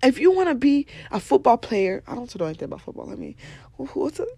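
Blunt, husky-voiced young woman podcaster. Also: high voice, fast talker, no room sound. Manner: blunt and animated, swears freely, laughs often. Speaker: podcast host. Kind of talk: casual motivational talk.

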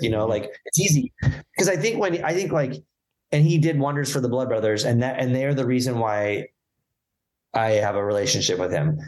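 Man, casual chat, rambling, profane, filler-heavy, average pitch. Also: brisk, a little mellow. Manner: rambling, profane, many filler words and restarts. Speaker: podcast guest.

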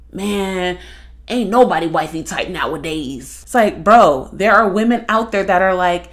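A young woman hosting a podcast, talking in a blunt, profane, animated monologue. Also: medium pitch. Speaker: podcast host. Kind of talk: casual monologue.

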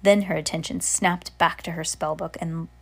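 A woman's voice: on the low side, fairly even intonation, normal speed, vocal fry, husky. A woman reading a storybook aloud, stumbling and restarting now and then. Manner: unpolished, frequent restarts. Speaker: reader.

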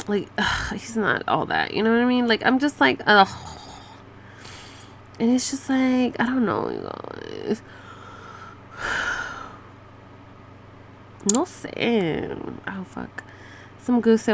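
A woman's voice: fairly high pitch, huge pitch swings, slow pace, creaky, long pauses, a little hiss or hum. A woman in her thirties ranting casually to camera, sarcastic and swearing freely, with bits of Spanish slang. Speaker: vlogger.

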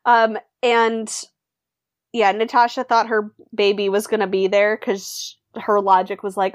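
A woman's voice: medium pitch, little pitch movement, a little slow, dry recording. A woman co-hosting a casual recap chat, summarizing events in a dry, matter-of-fact way. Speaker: podcast co-host.

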